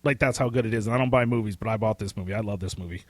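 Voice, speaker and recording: Rambling, excitable male podcast co-host. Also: on the low side, very fast, dry recording. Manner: rambling, excitable, swears casually. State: losing his voice. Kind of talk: casual chat.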